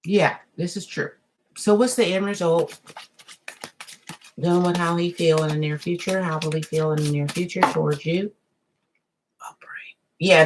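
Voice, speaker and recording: A woman with a notably low voice gives a live tarot reading to her viewers. She talks in a chatty, drawn-out way, wandering into asides as she turns each card. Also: low-quality recording. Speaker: tarot reader.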